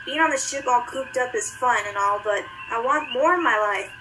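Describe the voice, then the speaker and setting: A woman's voice: fairly high pitch, moderate pace, far from the mic, background noise, close to an everyday voice. A woman voicing an eager young female junior officer who pleads earnestly. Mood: pleading.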